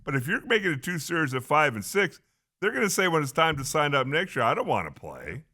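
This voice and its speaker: A man's voice: on the high side, big pitch swings, quick pace, pushed and bright. An older man with an American accent, co-hosting a radio sports show and chatting casually, laughing along with the others.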